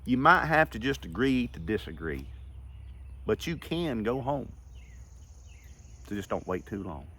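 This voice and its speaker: A man's voice: mid-range voice, sing-song, a little slow, pauses often, a bit bright. A man, telling stories in a folksy, rambling and heartfelt way in a casual vlog. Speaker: vlogger.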